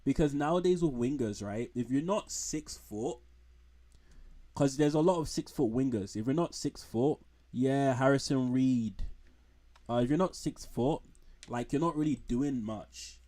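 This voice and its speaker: A man's voice: mid-range voice, a little slow, mellow. Rambling man streaming casual football chat. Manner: rambling, frank, trash-talking with slang. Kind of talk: casual live-stream commentary. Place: home.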